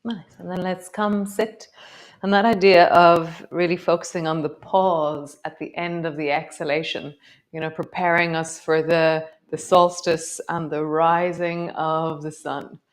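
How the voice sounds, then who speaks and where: A woman's voice: low-pitched, level tone, measured pace. A woman teaching a guided yoga and meditation class, chatty and rambling with many fillers, her voice slightly wobbly. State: voice slightly wobbly from strong scent.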